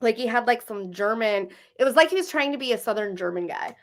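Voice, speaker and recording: A woman's voice: a little high, expressive, quick pace. A woman co-hosting a podcast, chatting casually and laughing often. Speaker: podcast co-host. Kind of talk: casual chat.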